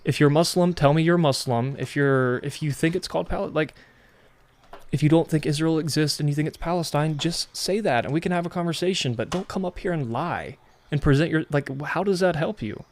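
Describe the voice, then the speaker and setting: A man's voice: on the high side, brisk. Combative male host running a live debate. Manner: combative, calls out lies, addresses callers bluntly. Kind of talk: heated livestream debate.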